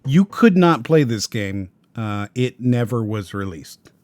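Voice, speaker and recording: A man's voice: mid-range voice, lively intonation, a little slow, a little mellow, no echo. A man hosting a casual podcast, wry and teasing, trailing off as he thinks aloud. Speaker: podcast host.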